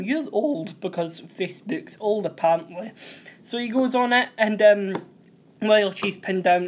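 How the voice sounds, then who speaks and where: Slow, rambling young man. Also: high voice, slight background noise. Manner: rambling, loses track and corrects himself. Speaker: host. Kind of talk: casual TV episode recap.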